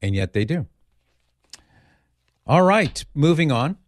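A middle-aged man hosting a talk radio show, telling stories in a relaxed way with fillers, in a studio. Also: fairly high pitch, slow pace, no room sound. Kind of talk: casual talk radio chat. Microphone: studio microphone.

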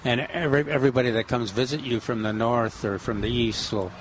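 A man's voice: medium pitch, steady tone, a little fast, a little hiss or hum, rough recording. A man co-hosting a garden radio show in a chatty, folksy manner. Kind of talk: casual radio chat.

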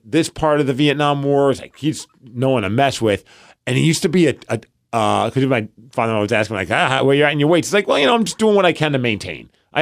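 A man in his thirties co-hosts a casual podcast, his medium-pitched voice creaky, the sound clean studio audio with no room sound. He tells stories animatedly, using lots of filler "like."

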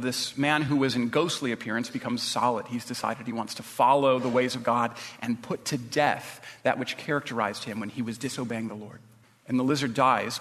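A man's voice: mid-range voice, a bit bright, long reverb tail. A male pastor preaching a sermon in a conversational way, with some restarts.

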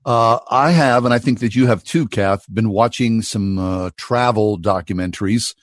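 A man's voice: on the low side, moderate pace, no room sound. A middle-aged man hosting a radio talk show from a spare room at home, chatting loosely with many fillers. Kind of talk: casual on-air chat.

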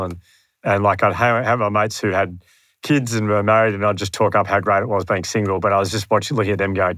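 A man's voice: on the low side, fairly even intonation, a little fast, a bit bright, no echo, studio quality. An Australian man telling his story as a podcast guest, earnest and self-deprecating, often acting out what he thought at the time. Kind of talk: candid storytelling in conversation. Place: room near his home.

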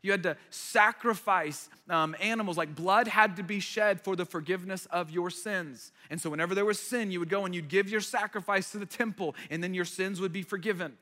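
A man preaching a sermon as pastor, conversational and animated, with repeated asides before a live audience. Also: high voice, brisk, few pauses. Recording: long hall reverb.

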